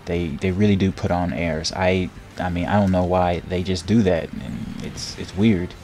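A young man giving casual, rambling commentary while playing a game, repeating words, laughing often and getting loud when he takes hits. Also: low-pitched, steady tone, normal speed. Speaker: gameplay streamer. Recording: faint game music behind.

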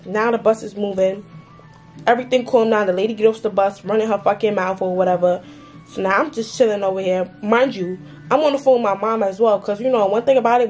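A young woman tells a story to her vlog camera, fired up and swearing constantly. Her voice sits a little higher than most, and her rant is full of "like" and "mind you.". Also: a little mellow. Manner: heated, profane ranting with lots of "like" and "mind you". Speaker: vlogger.

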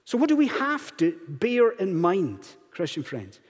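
A man's voice: high-pitched, wildly swooping pitch, unhurried. A man preaching a sermon in a church, asking the congregation one earnest rhetorical question after another. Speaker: pastor. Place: church sanctuary. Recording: long hall reverb in church.

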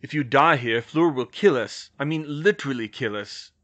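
A man's voice: mid-range voice, animated, normal speed, a bit bright, close to an everyday voice. A man voicing a brave, stubborn young wizard who speaks bluntly and insistently in an audiobook. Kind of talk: audiobook character voice.

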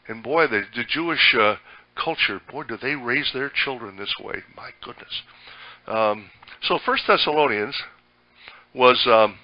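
A man's voice: mid-range voice, highs cut off. An older man preaching a sermon as pastor, folksy and conversational, with many fillers and restarts.

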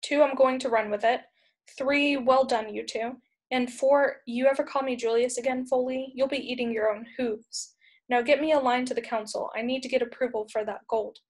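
A woman voices a gruff, hot-tempered male fairy commander, blunt and sarcastic, barking threats in a storybook reading. The pitch stays a touch high. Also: fairly even intonation, moderate pace, lightly acted.

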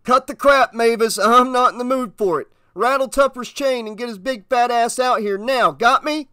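A man voicing a panicked, shaken male deputy who shouts and stammers in a high, strained voice. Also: very slow, smooth, dry recording, studio quality, exaggerated voice. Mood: urgent.

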